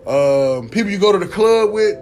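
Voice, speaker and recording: Young man, vlogger, casual profane rant, rambling, slightly high voice, faint music behind. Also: animated, normal speed, a little mellow.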